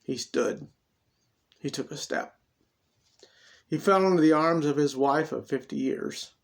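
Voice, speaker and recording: A man reading his own dramatic story aloud, expressive and swinging between loud and hushed delivery. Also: a little high, measured pace.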